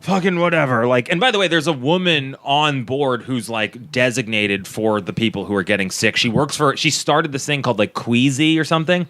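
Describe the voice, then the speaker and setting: A man's voice: mid-range voice, moderate pace, hardly any pauses, a bit bright. A man, a comedian guest on a podcast, telling a story in a profane, self-deprecating way. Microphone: studio mic.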